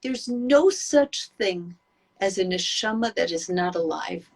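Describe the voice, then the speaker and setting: Breathy woman giving an inspirational talk. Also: fairly low pitch, expressive, slow pace. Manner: storytelling, emphatic and earnest. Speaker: Jewish women's speaker.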